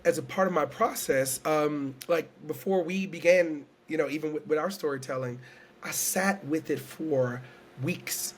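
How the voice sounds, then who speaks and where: A man from Houston, Texas, with a slightly high voice, speaks at a measured pace as an interview guest. A storyteller and entertainer, he is earnest, reflective and searching, close to tears, and keeps repeating phrases.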